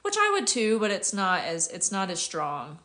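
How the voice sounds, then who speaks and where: A woman's voice: medium pitch, wildly swooping pitch, normal speed, pushed and bright. An American woman in her thirties, a casual, chatty astrologer answering viewer questions on a livestream and laughing often. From United States.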